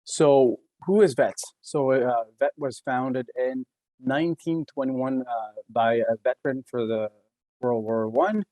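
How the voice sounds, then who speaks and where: A man's voice: mid-range voice, takes it slowly, warm tone, no room sound. A man with a Québécois French accent giving a webinar presentation as an engineer, talking hesitantly with many fillers and restarts. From Quebec.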